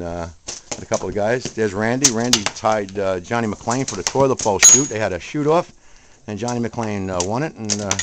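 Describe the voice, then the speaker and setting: A middle-aged man with a New Jersey accent, casually chatting and joking as he films around an outdoor shooting range. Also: lowish voice. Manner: chatty, jokey, friendly banter. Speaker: event host filming a tournament. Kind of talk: casual walk-around narration. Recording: noisy outdoor camera audio.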